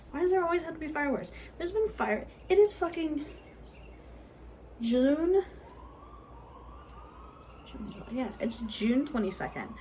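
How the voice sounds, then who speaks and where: Young female vlogger, high lively voice, unhurried sweary home rant, faint room noise. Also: rough recording. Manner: swearing, ranting, laughing a lot. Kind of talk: casual vlog chat. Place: home, bathroom and office.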